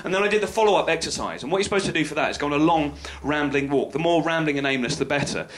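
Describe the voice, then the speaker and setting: London male stand-up comic, somewhat high-pitched, wry conversational storyteller. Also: racing. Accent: London English. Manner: wry, conversational, bursts of loud exclaiming. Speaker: stand-up comedian.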